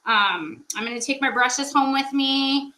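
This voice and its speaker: A middle-aged woman co-hosts a painting livestream, chatty and upbeat, and she often exclaims to viewers as she works. Her voice is bright and sits a little high. The room around her is echoey. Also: a little slow. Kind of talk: casual livestream chat while painting.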